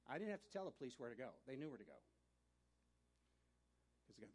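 A man preaching, telling a personal story in a sermon, animated and often laughing as he talks. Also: medium pitch, fast talker.

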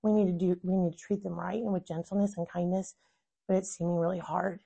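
A woman in her thirties, a mother talking in an animated, casual way about parenting. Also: on the low side, quick pace, gravelly, slightly rough. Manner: animated, acts out quoted family dialogue. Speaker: mother and guest. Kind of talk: casual conversation.

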